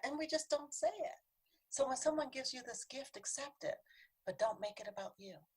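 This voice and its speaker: Earnest, husky-voiced woman presenter. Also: medium pitch, lively intonation, a little fast. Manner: earnest, conversational, acts out quoted voices, drops to a whisper for emphasis. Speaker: workshop presenter. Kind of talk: training talk to a city council.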